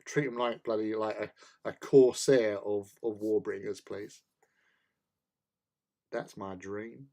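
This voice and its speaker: A man's voice: on the low side, fairly even intonation, takes it slowly, vocal fry, pauses often, mellow. A man hosting a casual hobby stream, chatting and answering viewers while he builds models. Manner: chatty, reads out and answers chat, jokey asides.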